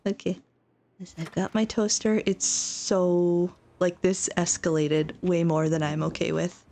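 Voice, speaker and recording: A woman's voice: on the low side, little pitch movement, measured pace, warm tone. A woman streaming a horror game live, frightened, pleading and repeating herself with bursts of nervous laughter. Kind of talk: live gameplay commentary.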